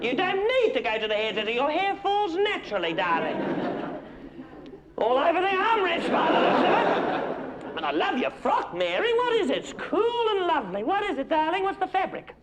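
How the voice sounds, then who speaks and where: At normal speed, a man uses an extremely high, sing-song voice to play a gushing, condescending middle-aged Australian housewife superstar in a live comedy act, lobbing backhanded compliments at the audience. The live theatre recording is very noisy with a loud crowd.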